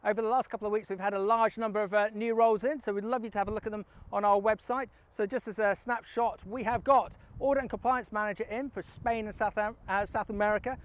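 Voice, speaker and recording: High-voiced chatty man. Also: steady tone, quick pace, hardly any pauses. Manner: chatty, enthusiastic, frequent "fantastic". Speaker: recruitment firm host. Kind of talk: casual video blog with a told joke.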